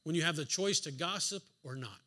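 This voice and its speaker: A slightly high, bright, forceful voice belongs to a man delivering a sermon in a church sanctuary at a somewhat fast clip. Emphatic rhetorical questions drive his message home, with a dry sarcastic remark now and then.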